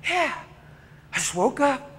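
A preacher doing a dazed crash survivor. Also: male voice, very high voice, sing-song, measured pace, fairly bright tone, in a large hall, slight background noise, voice pushed up, heavily acted. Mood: bewildered. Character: dazed young man after a car crash.

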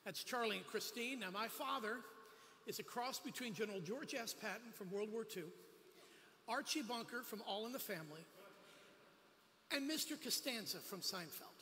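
A guest preacher with a high, bright, animated male voice delivers a sermon mixing personal stories with quick humorous asides. The audio carries a church sanctuary's long reverb over faint background noise.

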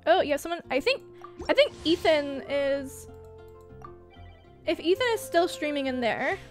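A woman's voice: high voice, expressive, unhurried, faint music behind. A young woman streamer chatting casually to herself while playing a game, swearing when she loses. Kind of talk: casual gaming livestream chat. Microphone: desk mic, wearing headphones.

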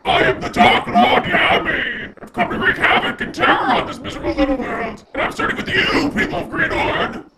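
A woman voicing an evil female dark lord in a video game, delivered in a booming, cackling, theatrical way. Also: wildly swooping pitch, moderate pace, a loud crowd, full character voice, low-quality recording. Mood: gloating. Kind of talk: voicing a game character while playing.

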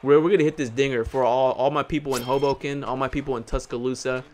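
Young male gaming host, average-pitched voice, playful trash talk over his ballgame, breaks into rapid repeated cheers. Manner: hyped, jokey, trash-talks the game characters; repeats words in excited bursts. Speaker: gaming YouTuber. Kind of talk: live gameplay commentary.

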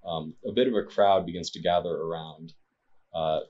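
Husky low-voiced game master, full of hesitations. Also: male voice, moderate pace, dull audio. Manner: hesitant, many fillers. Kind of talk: narrating a tabletop game.

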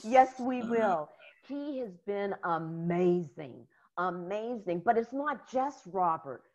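An American woman, a guest in a casual interview, telling stories in an animated way and laughing often. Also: medium pitch, slow pace, muffled recording. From United States.

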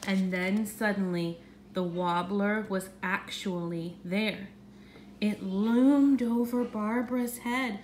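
A woman reading a children's storybook aloud in an expressive, animated way. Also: mid-range voice, takes it slowly, a little hiss or hum.

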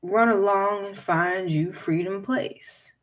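A woman's voice: mid-range voice, slow, distant mic, close to an everyday voice. A woman reading a folktale aloud and voicing a teasing male talking turtle who sings his lines. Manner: sing-song.

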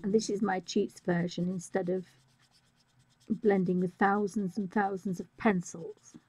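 A woman talks through a live drawing tutorial in a soft, husky voice that often drops to a half-whisper. Her voice is slightly squeaky and rough-edged, and her pitch sits in an ordinary middle range. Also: fairly even intonation, a little slow, soft background music. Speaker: art tutorial host.

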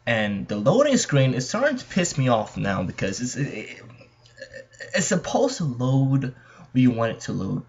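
A young Californian man talks his way through a horror game in a gravelly, slightly husky voice. He chatters to his viewers, jittery and easily startled. The sound is dull and lo-fi. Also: medium pitch, wildly swooping pitch, moderate pace, darkish tone. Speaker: gaming channel host. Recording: dull lo-fi mic.

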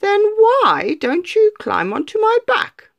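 Woman voicing a sly male fox, sweet high coaxing tone, storybook villain, dry close sound. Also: wildly swooping pitch, slow, vocal fry, no room sound, heavily acted.

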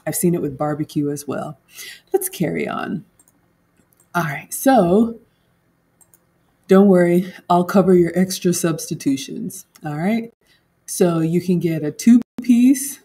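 Husky mellow-voiced woman chatting to viewers. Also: lowish voice, takes it slowly, long pauses. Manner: chatty, talks straight to viewers, laughs often. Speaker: home cook vlogger reviewing food. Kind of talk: casual livestream chat.

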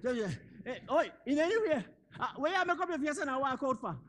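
A man's voice: very high-pitched, expressive, fast talker, fairly bright tone. An actor playing an easygoing older husband with a Jamaican accent, who repeats himself nervously as he tries to keep the peace. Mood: flustered. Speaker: actor in a comedy stage play.

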